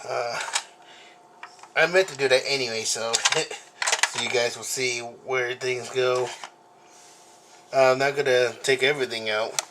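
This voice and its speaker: A man hosting a casual unboxing vlog at home, talking in a rambling, halting way with many fillers and apologies, recorded on the camera mic. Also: mid-range voice, steady tone, noisy background. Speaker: video host.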